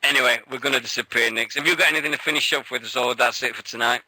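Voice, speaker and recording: A man's voice: mid-range voice, steady tone, rapid-fire, bright, forceful tone, slightly rough, no echo, low-quality recording. A man with an English accent hosting a casual wrestling radio show, blunt and full of swearing. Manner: blunt and sweary, laughs often. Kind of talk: casual chat.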